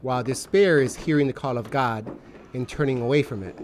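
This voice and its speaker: A man's voice: mid-range voice, brisk, slight background noise. A man in his thirties, reflecting thoughtfully on faith and asking his co-host questions in a casual podcast chat. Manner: reflective, questioning, frequent affirming murmurs.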